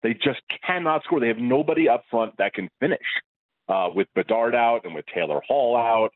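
A man's voice: mid-range voice, a little fast, no echo. A man from New York, a sportswriter guest, joking wryly in a casual radio interview over the phone. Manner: wry, deadpan jokes. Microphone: phone line. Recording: tinny phone line.

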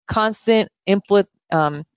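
A woman's voice: medium pitch, slow pace, clear, resonant tone, dry recording. A woman co-hosting a podcast in casual chat, earnest and rambling, often losing words and restarting, recorded indoors at her house. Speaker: podcast co-host.

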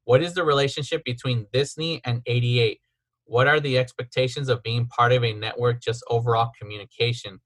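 Casting: male podcast host, mid-pitch, aggrieved casual storyteller, lots of "like". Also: fairly even intonation, fairly quick. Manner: aggrieved, retelling texts with filler "like".

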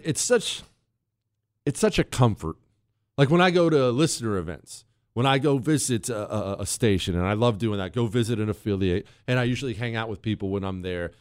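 Talk radio host, male, animated and wisecracking, close dry studio mic. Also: mid-range voice, no echo. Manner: animated, joking, mock-indignant. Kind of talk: talk radio monologue and reading listener emails.

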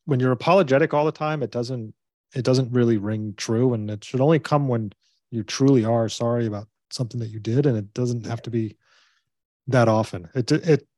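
A man's voice: medium pitch, brisk, a little mellow, no echo, studio quality. Earnest man giving parenting advice. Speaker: parenting coach and guest. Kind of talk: conversational interview.

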